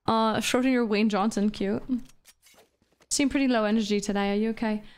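A VTuber streamer plays a shooter game, chatting casually with viewers, reading chat aloud, and swearing between plays. She feels a bit unwell and low on energy. Her voice is clear and resonant, with a steady tone at normal speed.

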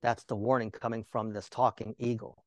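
A man's voice: lowish voice, flat delivery, normal speed, dry recording. Man teaching a sermon, dry sound. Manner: rhetorical questions to listeners; conversational, joking asides. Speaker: Bible teacher.

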